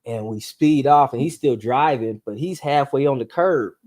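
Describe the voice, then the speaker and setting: A man telling a true story as a podcast guest, acting it out with sound effects and speeding up and rising in pitch when the tension builds. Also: normal speed. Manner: animated storyteller, acts out voices and gunshots; speeds up and rises in pitch at tense moments.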